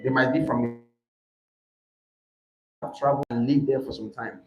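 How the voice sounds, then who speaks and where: A man teaching an IELTS speaking class, animated and emphatic, often checking in with "right?". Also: mid-range voice, a little slow, highs cut off, soft background music. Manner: animated, rising to emphatic points, asks "right?". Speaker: IELTS tutor.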